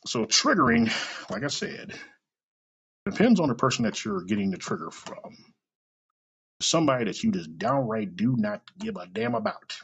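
A man hosting a podcast, talking in a blunt, profane, self-deprecating casual monologue with a gravelly, husky voice. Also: mid-range voice, a bit bright, highs cut off. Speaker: podcast host.

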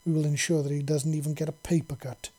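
A formal alien warrior woman who makes solemn promises, as a male narrator puts her on. The tone is husky and mellow, pitched a little high. She speaks in a measured, ceremonial way. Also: flat delivery, natural voice.

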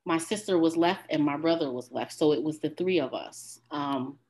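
A woman performing spoken-word poetry and then talking candidly as a guest, with deliberate phrasing and repeated refrains. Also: deep voice, a little mellow. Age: adult with a grown daughter. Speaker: guest poet.

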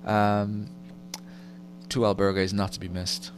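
Low-voiced guy hosting, stumbles and repeats himself, humming noise behind. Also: slow pace. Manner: stammering restarts, repeats words. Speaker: podcast host. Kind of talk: casual interview chat. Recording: steady hum behind voice.

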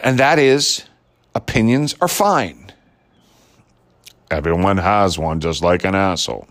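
A man's voice: low-pitched, animated, unhurried. A man delivering a blunt, sarcastic, profane ranting monologue as a commentator.

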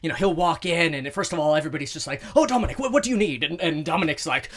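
A man being interviewed in a sauna, overheated with his heart racing, telling animated stories and acting out other people's voices. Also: fairly high pitch, rapid-fire, a loud crowd. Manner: animated storyteller who acts out quoted voices. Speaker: guest. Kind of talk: casual interview chat. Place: inside a sauna.

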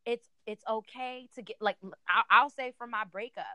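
A woman's voice: on the high side, moderate pace, sharp tone, no room sound. A woman in casual conversation as a guest, animatedly telling a personal story and acting out her own past thoughts. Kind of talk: casual chat.

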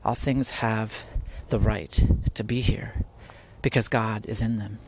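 A man's voice: fairly low pitch, fairly even intonation, takes it slowly, gravelly, darkish tone, husky. A man hosting a podcast, talking casually and earnestly about faith, rambling with restarts and laughing often. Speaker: podcast host. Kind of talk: casual spiritual talk. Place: at home, near spiders.

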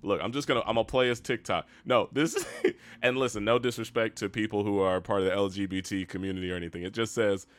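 A young man co-hosting a casual podcast, animated and laughing, often stopping to say "hold on". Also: lowish voice, fast talker, hardly any pauses. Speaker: podcast co-host. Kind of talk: casual chat.

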